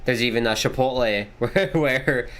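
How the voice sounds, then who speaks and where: Smooth-voiced man calling hockey play-by-play. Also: medium pitch, a bit bright. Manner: rapid, rising calls during plays. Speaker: livestream host. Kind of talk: casual play-by-play watchalong commentary.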